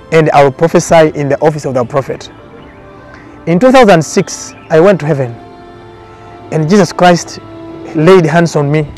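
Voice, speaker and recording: A man with a slightly higher voice gives his testimony in a documentary interview. He speaks earnestly, in a repetitive preaching cadence. Soft music plays faintly underneath. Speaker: prophet.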